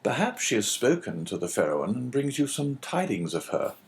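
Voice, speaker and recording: A man reading an audiobook, voicing a composed English stranger who asks measured, probing questions. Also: medium pitch, sing-song, pitched above the performer's own voice.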